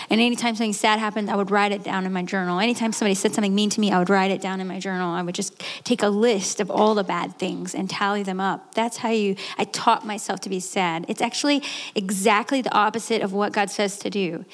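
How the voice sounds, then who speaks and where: A woman in her late thirties giving a candid, earnest personal testimony, with restarts and quick laughs. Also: medium pitch, fairly even intonation. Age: 30s. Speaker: guest speaker. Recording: echoey hall.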